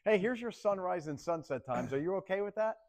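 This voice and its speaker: A man's voice: high-pitched, brisk. A man presenting a casual TV weather forecast, joking and laughing with a co-host. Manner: playful, animated, laughs often. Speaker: TV meteorologist.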